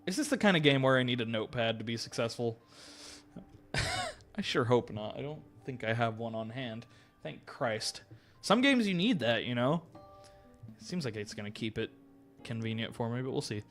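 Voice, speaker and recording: A man's voice: mid-range voice, huge pitch swings, moderate pace, fairly bright tone, faint music behind. Laid-back joking game streamer, man. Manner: joking, swears, laughs often. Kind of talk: casual let's-play commentary.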